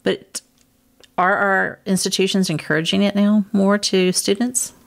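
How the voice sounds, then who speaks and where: A woman's voice: medium pitch, fairly even intonation, unhurried, creaky. A woman from the United States hosting an interview, asking questions and laughing readily. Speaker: interview host. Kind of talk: conversational interview.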